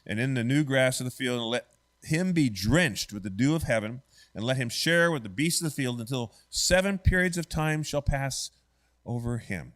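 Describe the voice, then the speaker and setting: A man's voice: mid-range voice, animated, normal speed, fairly bright tone. A man teaching an adult church Bible study class in a church classroom, conversational and often quizzing the class with "right?".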